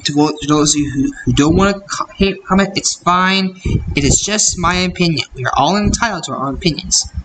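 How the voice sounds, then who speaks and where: A high-voiced young man rants on his reaction channel, speaking briskly and bluntly and repeating himself in frustration. The recording has background noise, faint ambience and an echoey room sound.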